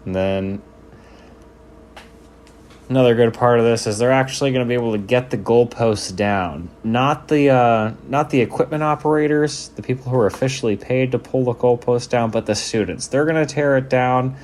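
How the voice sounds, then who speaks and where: A man's voice: medium pitch, normal speed, a little mellow, slight background noise. A man giving casual, joking commentary over game footage, laid-back and swearing freely. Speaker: sports video commentator.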